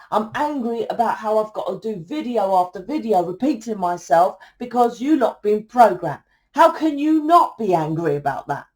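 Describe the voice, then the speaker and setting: A woman's voice: fairly high pitch, darkish tone, low-quality recording. A woman, a tarot reader giving a blunt ranting monologue to camera, swearing and asking rhetorical questions.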